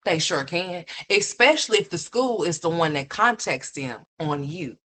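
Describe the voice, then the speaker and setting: Low-voiced woman ranting, blunt and scolding. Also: lively intonation, moderate pace, pushed and bright. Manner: blunt, scolding, profane, mocking; mimics others in a higher voice. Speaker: commentary streamer. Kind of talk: ranting commentary livestream.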